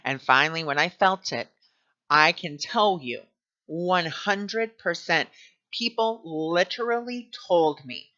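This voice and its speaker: A man's voice: sits high, animated, unhurried, pushed and bright. A man telling a personal story while teaching a spiritual lesson, chatty and full of "you know" fillers. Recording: dull lo-fi recording.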